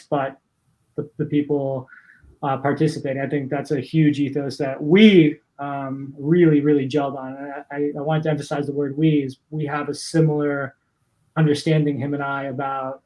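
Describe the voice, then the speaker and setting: A man's voice: mid-range voice, darkish tone, poor audio. A man co-hosting a casual podcast chat, earnest and enthusiastic, rambling a bit. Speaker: podcast co-host.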